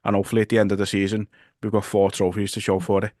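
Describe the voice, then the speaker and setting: A Scouse podcast host speaks in a fairly low voice, relaxed and a bit sweary. The sound is dry and close, with no room around it. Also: male voice, rapid-fire, no echo. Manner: casual, swears, wraps up the show. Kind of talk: casual podcast chat.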